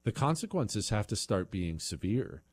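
Brief: male radio host, heated political monologue, very animated delivery. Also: fairly low pitch, normal speed. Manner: heated, emphatic ranting.

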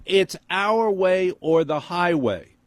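A snippy, condescending store manager, as a New York man puts him on, talks down in a voice pushed up high and prissy. The sound is dry and close. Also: animated, takes it slowly, no echo. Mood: scolding.

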